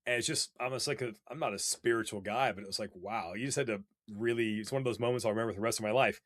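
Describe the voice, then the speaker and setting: A man telling casual stories as a podcast guest, animated and rambling, with many fillers. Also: fairly low pitch, very fast, no echo, clean studio sound. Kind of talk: casual storytelling.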